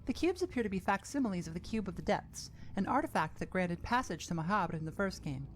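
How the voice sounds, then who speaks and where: Calm woman narrating a video essay. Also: medium pitch, slight background noise. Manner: measured, calm storytelling delivery. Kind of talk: scripted narration.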